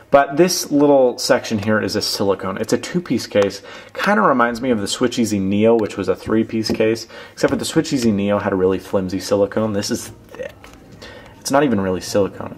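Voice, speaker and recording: A young man talking casually through a product review, telling a rambling self-deprecating story while handling a phone case. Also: on the low side. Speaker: tech reviewer.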